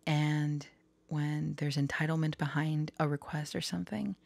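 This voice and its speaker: This woman, a tarot vlogger from Florida, has a deep, gravelly voice with a steady tone and moderate pace. She talks candidly to her viewers in a soft, hesitant, confiding way, often lowering her voice to a whisper.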